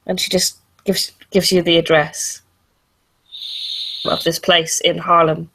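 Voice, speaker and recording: A woman's voice: lowish voice, flat delivery, takes it slowly, pauses often, a bit bright, rough recording. A woman narrating a tabletop role-playing game as storyteller, hesitant and full of fillers.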